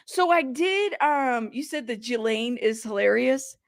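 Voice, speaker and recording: Woman host of a casual live stream, higher voice with a gravelly fry, dry close sound, chatty and teasing with her viewers. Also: animated, a little slow, no room sound. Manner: chatty, reads viewer chat aloud and gives shout-outs; playful, teasing. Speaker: livestream host.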